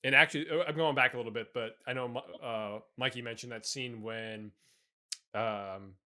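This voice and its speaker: A man's voice: medium pitch, steady tone, moderate pace, bright, forceful tone. A young adult man co-hosting a casual podcast chat. He rambles, full of fillers, and laughs along with his guest. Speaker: podcast co-host.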